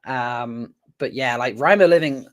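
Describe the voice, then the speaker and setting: A man hosting a live after-show stream, relaxed and chatty, reading out viewer comments while working his screen. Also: mid-range voice, measured pace. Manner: relaxed, reads chat comments aloud, talks while doing tasks on screen. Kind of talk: casual live-stream chat.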